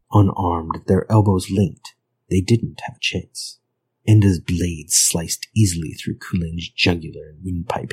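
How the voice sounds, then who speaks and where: A man reading a grim old folk tale aloud in a measured, grave manner. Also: sits low, a little mellow, slightly rough, poor audio. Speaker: narrator.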